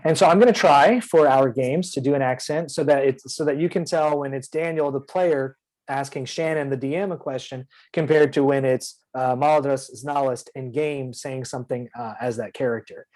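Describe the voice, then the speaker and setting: A man's voice: mid-range voice, moderate pace, darkish tone, poor audio. A man playing in a tabletop game, explaining his character in casual chat, earnest and rambling with many fillers and restarts. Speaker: player.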